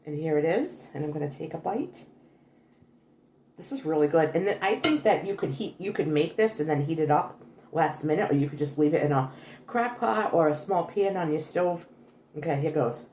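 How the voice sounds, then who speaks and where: In her reverberant home kitchen, with slight background noise, an older woman presents a casual cooking demonstration for her homey vlog. Her voice sits low and is a little mellow, moving at a normal speed with lively intonation as she chats, talks through a recipe, and corrects herself.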